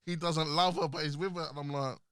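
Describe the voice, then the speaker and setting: A man's voice: fairly high pitch, steady tone, quick pace, fairly bright tone, clean tone, dry recording. A man hosting a casual chat in a studio, talking animatedly, laughing often and restarting his sentences. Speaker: podcast host.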